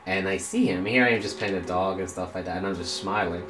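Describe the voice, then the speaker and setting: A man's voice: low voice, quick pace, roomy sound. A man streaming a game while telling a rambling story, quoting people and swearing casually.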